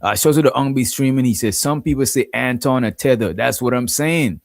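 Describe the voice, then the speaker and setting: A man's voice: medium pitch, brisk, vocal fry, noisy background. A man hosting a casual live stream, rambling and often adding "you know what I'm saying". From Guyana. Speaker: streamer host.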